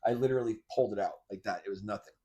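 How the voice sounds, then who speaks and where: Speaking very fast in a fairly low, mellow voice with a breathy edge, a male podcast host delivers casual monologue commentary. He rambles, restarts frequently, and gets blunt and mocking at points, swearing here and there.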